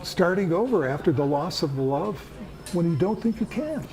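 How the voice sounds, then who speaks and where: A man's voice: a little high, lively intonation, normal speed, darkish tone, poor audio. An older man acting a grateful widower, earnest and heartfelt, in a TV drama. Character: grateful widower moved by an article.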